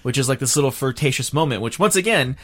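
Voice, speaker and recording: Fast-talking man rambling on a podcast. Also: medium pitch, lively intonation, fairly bright tone. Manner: rambling, full of "like" fillers, casual swearing. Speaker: podcast co-host. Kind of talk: casual film-discussion podcast.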